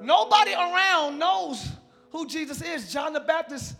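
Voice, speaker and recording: A man pastor preaching a lively storytelling sermon in church, moving between hushed talk and shouts. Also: very high-pitched, unhurried, gravelly. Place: church sanctuary, live service. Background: soft band music.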